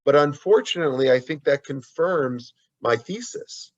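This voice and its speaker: A man's voice: a little high, animated, moderate pace, no echo, muffled recording. A man being interviewed as an author, answering earnestly with frequent restarts and asides. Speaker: guest author.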